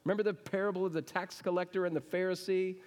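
A pastor preaching, his voice sitting a touch high for a man. He keeps it conversational and keeps asking the congregation questions. The sound carries the long reverb of a church hall. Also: fairly even intonation, fast talker, darkish tone. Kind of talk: sermon. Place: church sanctuary.

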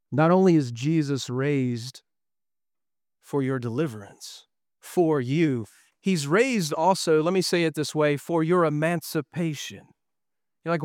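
A man's voice: on the high side, dry recording. Earnest male pastor preaching, dry sound. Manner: earnest preaching with rhetorical questions. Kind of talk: sermon.

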